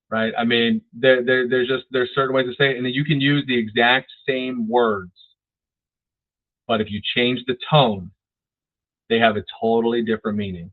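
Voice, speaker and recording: A man's voice: mid-range voice, steady tone, moderate pace. A man giving a casual real estate sales training, often repeating words and checking in with "right?". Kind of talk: training talk. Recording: dry, phone-like lo-fi audio.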